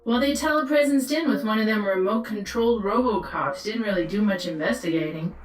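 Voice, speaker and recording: A woman voicing a sly, rough-talking low-city mother in a video game, falsely polite and defensive. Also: a little fast, reverberant, far from the mic, faint music behind, natural voice, poor audio. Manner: falsely polite, then cursing and yelling.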